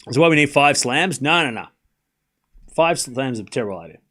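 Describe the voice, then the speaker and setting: A man's voice: medium pitch, expressive, brisk, fairly bright tone. A man hosting a live watchalong, chatting casually with his chat, rambling with frequent fillers and restarts. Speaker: livestream watchalong host.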